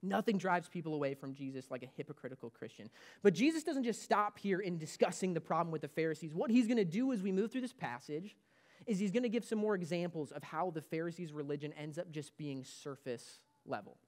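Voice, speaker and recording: Emphatic man preaching, slightly high voice. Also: expressive, brisk, a little mellow. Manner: emphatic preaching, repeats key phrases. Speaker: pastor. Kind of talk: sermon. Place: church.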